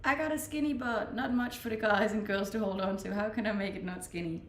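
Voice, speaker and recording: Reading viewer messages aloud in a casual, playful stream, this young Scandinavian woman laughs a lot, speaking with the accent of her Scandinavian mother tongue. She talks fairly quickly in a mid-range voice. The recording comes from an echoey room on Australia's Gold Coast, with slight background noise.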